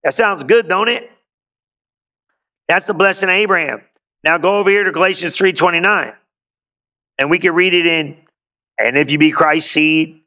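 A male pastor reads scripture aloud during a sermon, breaking in with exuberant call-and-response asides. His voice is on the high side, gravelly and sharp.

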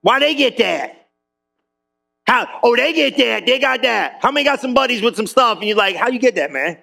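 Male pastor, high-pitched, loose joking sermon delivery. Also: expressive, moderate pace, creaky, bright, forceful tone. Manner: casual, joking, talks straight to the congregation. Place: church.

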